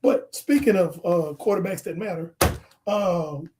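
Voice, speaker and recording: A man co-hosting a casual sports podcast, joking and acting out movie scenes in an animated way. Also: sits high, measured pace, background noise. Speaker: podcast co-host.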